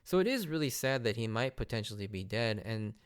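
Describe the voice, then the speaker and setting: A man's voice: medium pitch, lively intonation, brisk, clean tone. A man hosting a podcast, recapping anime episodes in a casual, enthusiastic way and laughing often. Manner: enthusiastic, laughs often, mimics character lines. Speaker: podcast host.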